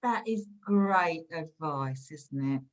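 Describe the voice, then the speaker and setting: A woman's voice: deep voice, animated, slow pace. A woman playing a passive-aggressive stamp collector in an improvised comedy scene, gushing sweetly before slipping into insults. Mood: chatty. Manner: gushing praise that sours into insults. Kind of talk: improvised comedy scene over video call. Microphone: video call.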